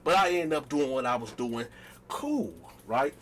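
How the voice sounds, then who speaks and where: A man telling a personal story in a casual storytime vlog, animated and slangy, talking straight to his viewers. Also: mid-range voice, a little slow, slight background noise. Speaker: storytime vlogger.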